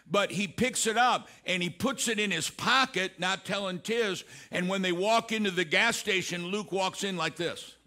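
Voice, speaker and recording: An older man preaching a sermon as pastor, telling stories in an animated way, often restarting his sentences. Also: high voice. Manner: animated storytelling with repeated restarts.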